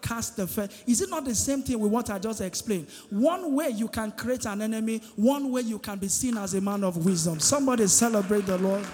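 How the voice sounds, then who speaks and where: A man's voice: high-pitched, lively intonation, fairly quick, hardly any pauses, a little mellow. A male pastor preaches a sermon, drawing answers from the congregation with repeated questions. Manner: call-and-response preaching, asking the congregation "what?". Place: church hall. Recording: reverberant hall with music behind.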